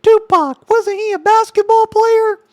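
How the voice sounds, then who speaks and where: A man doing a high squeaky falsetto impression of a friend on a livestream. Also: steady tone, unhurried, a little mellow, no room sound, clean studio sound. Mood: mock-cheerful.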